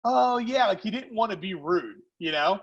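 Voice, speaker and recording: A man who founded a food company, a podcast guest telling animated stories in casual chat. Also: high-pitched, normal speed, slightly rough, highs cut off. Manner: animated, lively storyteller. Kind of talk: casual storytelling.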